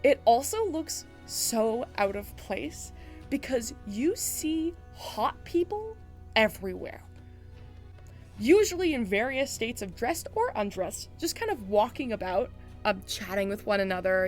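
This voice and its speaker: A woman running a tabletop game, describing scenes to her players in a loose, casual way with many "um"s and "like"s. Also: medium pitch. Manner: casual descriptive narration full of "um" and "like". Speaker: game master.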